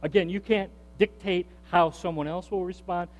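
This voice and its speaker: A male pastor preaching a sermon in a lively, animated way, acting out what people say and putting questions to the congregation. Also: high voice, normal speed, big-room sound, lo-fi sound. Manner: animated, acts out quoted voices, asks the congregation questions.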